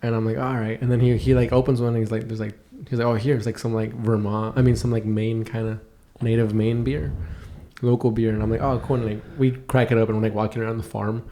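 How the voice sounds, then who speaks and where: A man's voice: fairly low pitch, little pitch movement, fast, warm tone. A young man from California, a podcast co-host, tells rambling stories in casual chat, swearing often and laughing through them.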